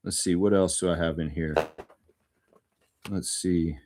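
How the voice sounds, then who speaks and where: A man hosting a casual live stream, excitedly rambling to his viewers as he shows off things. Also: low voice, measured pace, noisy background. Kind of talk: casual live-stream chat showing off his card collection.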